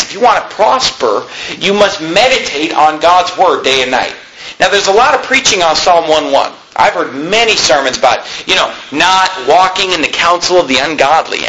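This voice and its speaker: A middle-aged male pastor preaches with a bright, forceful voice pitched a little high. He leans on key phrases, slowing down to stress them. A faint hiss of background noise sits under the recording. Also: rough recording. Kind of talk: sermon.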